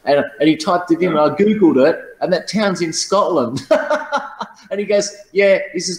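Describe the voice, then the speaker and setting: A man's voice: high-pitched, a little slow, roomy sound, low-quality recording. A man telling profane, boastful stories in casual chat, often laughing at his own tales. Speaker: channel host.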